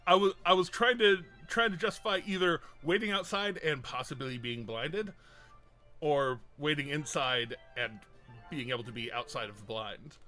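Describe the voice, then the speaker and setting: A man narrating as game master of a tabletop game, excitable and quick to laugh. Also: on the high side, soft background music.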